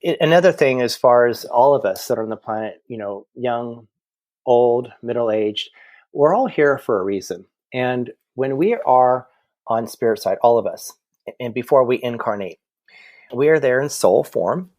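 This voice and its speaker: With a mid-range, darkish voice and lively intonation, a medium chats as a podcast guest via video call from home. He tells stories at a normal speed in casual conversation, repeating himself frequently, and the audio has no echo.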